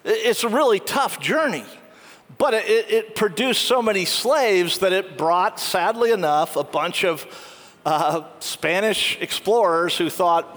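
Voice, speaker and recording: A high-pitched man delivers a sermon, walking his congregation through a film scene and voicing its characters as he goes. His voice rings out with long reverb, as if from a big church hall. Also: measured pace, a bit bright. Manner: storytelling, acts out quoted lines. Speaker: pastor.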